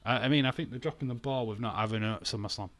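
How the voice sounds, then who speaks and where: A man's voice: medium pitch, rapid-fire, a bit bright, no echo. Man, casual ranting commentary, blunt and profane, mid-range voice, dry sound. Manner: blunt, swears freely, laughs often. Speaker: wrestling watch-along streamer.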